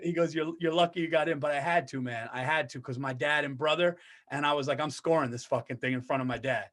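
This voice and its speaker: A man co-hosting a podcast in casual chat, telling animated stories, acting out quotes and swearing freely. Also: medium pitch, quick pace. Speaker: podcast co-host.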